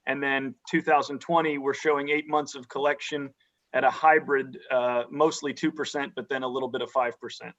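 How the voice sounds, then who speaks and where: A man on a county board asking careful, measured questions in a public meeting, often restarting his sentences. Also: medium pitch, level tone, a bit bright. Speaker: county supervisor. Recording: dull lo-fi meeting audio.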